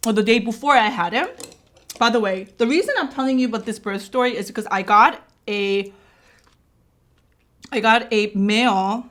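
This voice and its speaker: A Korean woman, a vlogger and mother, tells a rambling story to her viewers during a mukbang vlog, chatty and casual. Her medium-pitched voice has a fairly bright tone, and her talk is packed with "like" and "right?".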